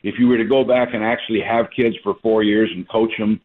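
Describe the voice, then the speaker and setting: A man's voice: lowish voice, level tone, brisk. An older man, a retired basketball coach, telling folksy stories as a guest on a radio sports show, with an easy chuckle. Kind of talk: radio interview storytelling. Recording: phone-line call-in audio.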